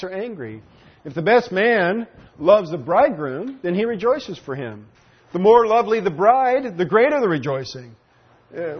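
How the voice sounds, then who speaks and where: A man teaching through a Bible passage in an earnest, explanatory way, often pausing with fillers and restarting his sentences. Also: high voice, slightly rough. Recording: dull lo-fi recording.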